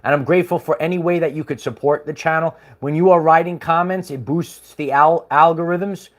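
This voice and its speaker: Higher-voiced man, casual rambling livestream host, chuckles often. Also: fairly even intonation, fairly quick. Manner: rambling, chuckling, many fillers.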